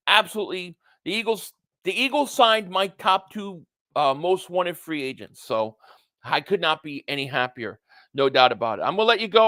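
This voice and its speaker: A young man hosting a casual livestream, excitable and rambling, with lots of fillers. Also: high-pitched, no room sound. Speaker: sports streamer.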